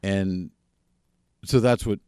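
Low, mellow man telling his story. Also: steady tone, clean tone, no room sound, clean studio sound. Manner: candid, plain-spoken, halting with restarts. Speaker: podcast guest. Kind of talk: personal recovery story in an interview.

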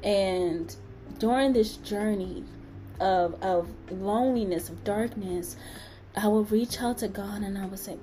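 A woman hosting a podcast, telling personal stories in a casual, animated way with playful asides. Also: mid-range voice, unhurried, soft background music. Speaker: podcast host.

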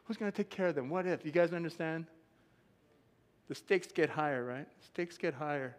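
A man preaching a sermon as pastor, telling stories with lively acted-out quotes and frequent laughter. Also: on the high side, normal speed. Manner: animated storytelling, acts out quotes, laughs often. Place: church sanctuary. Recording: long hall reverb.

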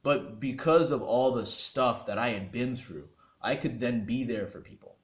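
Animated young man telling his story. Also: mid-range voice, moderate pace. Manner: animated, laughing, acts out quoted dialogue. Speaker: guest. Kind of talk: casual storytelling in an interview.

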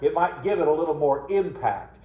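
A man's voice: a little high, expressive, brisk, mellow, roomy sound, poor audio. A man preaching a sermon as pastor, folksy and calling out questions to the congregation. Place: church sanctuary.

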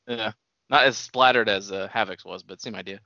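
A man's voice: lowish voice, fairly quick, gravelly, bright, forceful tone, dry recording, dull audio. A man chatting casually as co-host, laid-back, mostly short remarks with casual swearing. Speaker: podcast co-host. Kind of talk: casual chat.

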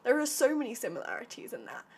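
A woman's voice: on the high side, huge pitch swings, fast talker, gravelly, darkish tone, slightly rough. A young woman giving an enthusiastic, casual spoken review, chatty and full of "like" and "um". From Britain. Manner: enthusiastic, chatty, heavy use of "like" and "um". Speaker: vlogger reviewing a TV series.

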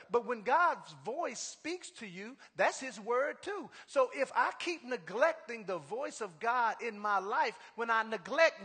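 A middle-aged male preacher giving an animated sermon, reading scripture aloud and drawing answers from his congregation. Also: sits high, breathy edge. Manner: animated, call-and-response with congregation; reads scripture aloud with rising emphasis. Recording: reverberant hall.

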